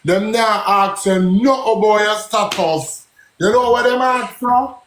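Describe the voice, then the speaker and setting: High-voiced brash Jamaican man. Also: unhurried, a bit bright, roomy sound, a little hiss or hum. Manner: brash, profane, emphatic. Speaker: livestream host. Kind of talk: heated live-stream talk.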